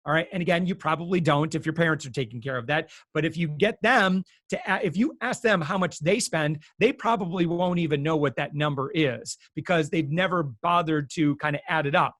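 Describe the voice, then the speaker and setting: Brisk and close-miked, this animated American man's voice runs a little high with no echo. A guest consumer expert, he explains casually with many fillers and acts out quotes.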